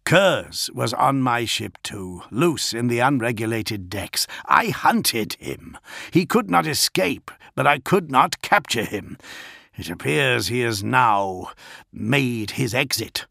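A man's voice: medium pitch, lively intonation, slow pace, gravelly, sharp tone, no room sound, clean studio sound, full character voice. A man voicing a proud, haughty warlord. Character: proud, formidable male warlord lord.

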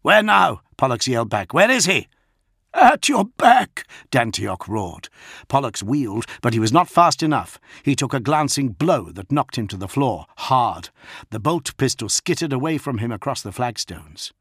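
A man narrating an action audiobook in an intense, expressive way. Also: mid-range voice, normal speed, breathy edge, no room sound, clean studio sound.

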